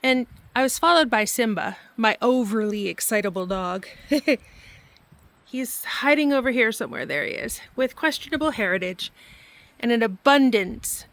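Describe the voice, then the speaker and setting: A middle-aged woman hosting her own channel, telling a personal story softly and reflectively, laughing now and then. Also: fairly high pitch, expressive, a little slow. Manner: soft, reflective, laughs often. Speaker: vlog host and storyteller. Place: at home near a barn.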